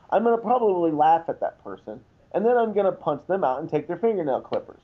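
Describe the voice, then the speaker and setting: A man with a high voice rants indignantly as a radio co-host, piling up complaints in loose, casual banter. The audio is dull and lo-fi. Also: very animated, fast talker, few pauses. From Irish heritage.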